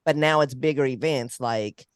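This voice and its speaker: A man's voice: mid-range voice, normal speed, clear, resonant tone, no echo. A man co-hosts a laid-back conversation, making his point in an easy conversational way. His voice sits mid-range with a dry, close sound. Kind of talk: casual chat.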